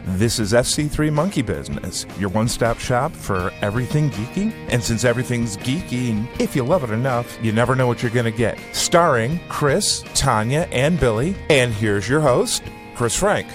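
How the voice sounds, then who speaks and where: A man's voice: mid-range voice, lively intonation, normal speed. A man reading an upbeat announcer intro for a podcast. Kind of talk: recorded show intro over music. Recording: intro with guitar music behind. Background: guitar music.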